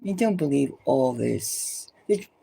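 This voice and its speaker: A woman's voice: a bass voice, expressive, slow, gravelly, dark tone, slight background noise, rough recording. A woman tarot reader giving an impassioned, preachy monologue full of urgent repeated exhortations, sometimes dropping to a whisper.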